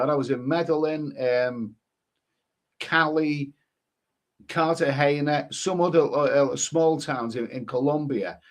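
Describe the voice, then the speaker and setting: Rambling man reading comments. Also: fairly high pitch. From England. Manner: rambling, repeats phrases, frequent restarts. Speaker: livestream host reading viewer comments. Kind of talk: casual live-stream chat.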